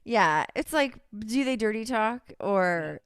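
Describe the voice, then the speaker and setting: A woman's voice: on the high side, lively intonation, slow pace, clear, resonant tone, dry recording, clean studio sound. A woman with a Californian accent, a podcast guest who rambles and giggles through casual chat, full of ums. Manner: rambling, giggly, many fillers.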